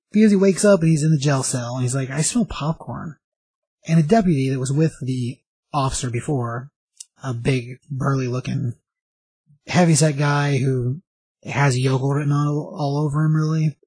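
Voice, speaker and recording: A man's voice: on the high side, a little mellow, breathy edge, no room sound, poor audio. A man casually recapping a comic book plot, rambling along with many fillers and restarts.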